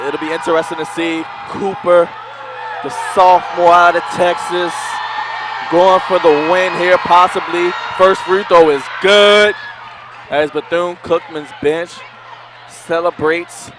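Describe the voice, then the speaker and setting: A man calling a live basketball game as play-by-play announcer, emphatic and excitable. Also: sits high, measured pace. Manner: emphatic, calls action with rising excitement. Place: arena broadcast position. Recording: roaring crowd and arena noise.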